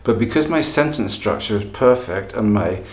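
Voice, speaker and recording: Male teacher, lowish voice, deliberate and emphatic, recorded in an echoey room. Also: expressive. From Britain. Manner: deliberate, emphatic, tag questions. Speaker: language teacher, channel host. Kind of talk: explanatory video lesson.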